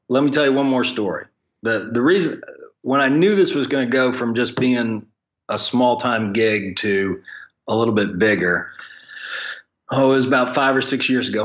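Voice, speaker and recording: A man's voice: medium pitch, a bit bright, lo-fi sound. A man who leads a ministry for pastors, telling stories frankly and with blunt humor as a podcast guest. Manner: frank, joking storyteller with plain blunt wording. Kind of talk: conversational podcast storytelling.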